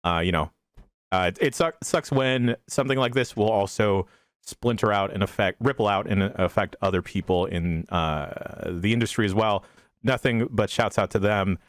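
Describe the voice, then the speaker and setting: Relaxed host from San Francisco, low voice, lots of "uh", dry mic. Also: male voice, moderate pace, no echo. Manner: laid-back, filler-heavy. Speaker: podcast host. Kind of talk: casual chat.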